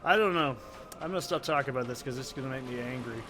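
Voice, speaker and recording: A man's voice: mid-range voice, fast talker. A man from Oregon with an Oregon accent, giving casual, rambling gameplay commentary full of swearing and off-topic tangents. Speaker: let's play gamer. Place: soundproofed corner at home. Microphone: desk condenser mic with pop filter.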